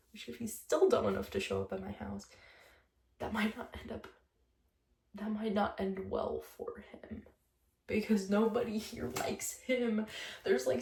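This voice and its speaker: A woman's voice: medium pitch, gravelly, darkish tone, reverberant, recorded from a distance. A young woman telling a breakup story in a casual vlog, chatty and blunt, swearing freely and laughing often. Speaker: vlogger.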